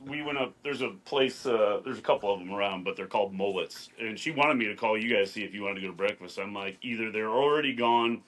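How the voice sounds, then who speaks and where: A man's voice: on the low side, fast talker, few pauses, a bit bright. A man co-hosting a podcast in casual chat, laid-back and profane, acting out what people said. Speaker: podcast co-host.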